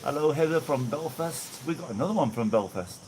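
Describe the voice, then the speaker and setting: A man's voice: a little high, lively intonation, fairly quick, a little mellow, poor audio. Man, Birmingham-area accent, easygoing stream host, outdoor noise and insects around him. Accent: mixed Birmingham English with a little Maltese influence. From England (Birmingham area). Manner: rambling, chatty, greets viewers by name. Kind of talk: casual live-stream chat reading viewer comments. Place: outdoors on a breezy day. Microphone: no clip-on mic, camera mic.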